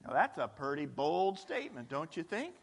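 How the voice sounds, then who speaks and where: A male pastor preaching a sermon in an animated, conversational way, acting out scenes as he goes. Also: on the high side, normal speed, gravelly, husky.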